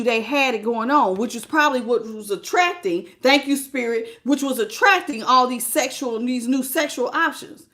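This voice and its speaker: This tarot reader's voice sits high with a fairly bright tone. Reading live for her viewers, she speaks in a casual, emphatic way, laughing frequently and repeating phrases.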